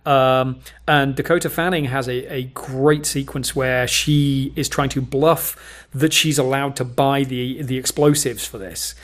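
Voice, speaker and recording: A man's voice: medium pitch, steady tone, a little slow. A man co-hosting a casual film review chat, talking thoughtfully with frequent restarts and fillers. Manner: thoughtful, hesitant, many restarts. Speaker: film review podcast co-host.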